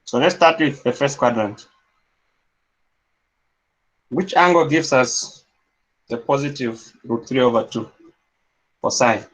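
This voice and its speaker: A man's voice: mid-range voice, slow, long pauses. A man teaching a maths class, talking through each step aloud and checking in with his students. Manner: dictates steps aloud, checks understanding with "yes?". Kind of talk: classroom lecture. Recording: dull lo-fi classroom recording.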